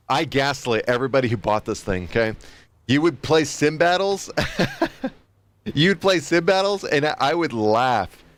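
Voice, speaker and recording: A man's voice: medium pitch, lively intonation, slow pace, pauses often, a bit bright. A man chatting casually on a game stream, rambling and repeating himself with chuckling asides. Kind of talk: casual livestream commentary.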